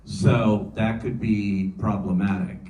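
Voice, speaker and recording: A man moderating a panel Q&A, chatty and halting with many fillers. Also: lowish voice, level tone, mellow. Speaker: moderator, film journalist. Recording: roomy hall, distant mic, faint noise.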